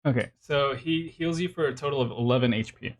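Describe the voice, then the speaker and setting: A man's voice: mid-range voice, fairly quick. Rambling male game master. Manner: rambling, full of "like" and "kind of". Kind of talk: narrating a tabletop game.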